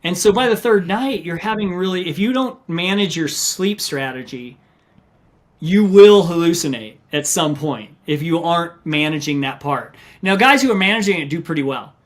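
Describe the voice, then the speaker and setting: A man's voice: a little high, normal speed. A middle-aged man, an ultramarathon runner and coach, telling stories in a podcast interview and acting out what people said. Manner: animated storyteller, acts out quotes.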